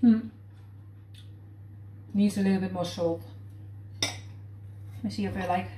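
Woman, home-cooking vlogger, unhurried chatty delivery, roomy kitchen sound. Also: mid-range voice, steady tone, noisy background. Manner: chatty, thinks aloud while tasting. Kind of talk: casual cooking vlog chat.

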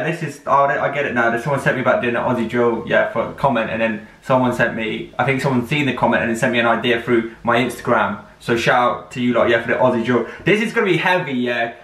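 A man's voice: mid-range voice, a little fast, fairly bright tone. A young man hosting a reaction video, talking in a rambling, slangy, upbeat way. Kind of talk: casual reaction vlog chat. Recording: roomy, distant mic.

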